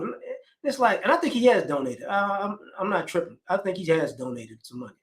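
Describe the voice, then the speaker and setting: A man in his forties chats casually, with a voice pitched a bit above the usual male range. He rambles and doubles back, restarting his sentences and filling the gaps as he goes. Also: lively intonation, fast. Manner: rambling, with frequent restarts and fillers. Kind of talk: casual conversational commentary.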